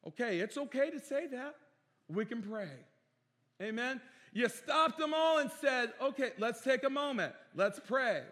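This sermon comes from a male pastor who preaches earnestly in a church sanctuary, using repetition for emphasis and calling out for amens. His very high-pitched voice is expressive and fairly bright, moving at a measured pace. The church's hall reverb lingers long.

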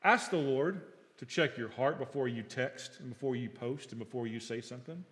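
A man's voice: medium pitch, normal speed. Fervent preacher man in a reverberant hall. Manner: storytelling preacher, acts out dialogue, swings loud and quiet. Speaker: pastor. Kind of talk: sermon.

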